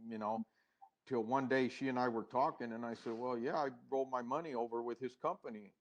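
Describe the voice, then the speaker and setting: Steady in tone with a mid-range voice, a middle-aged man recounts his own story as a podcast guest. He is unhurried and reflective, with pauses and restarts, acting out past conversations.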